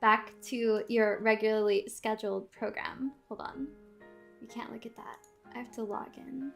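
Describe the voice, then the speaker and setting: A woman streamer in a casual live-stream rant, animated, swearing a lot and laughing often. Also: fairly high pitch, moderate pace, creaky, soft background music. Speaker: VTuber streamer.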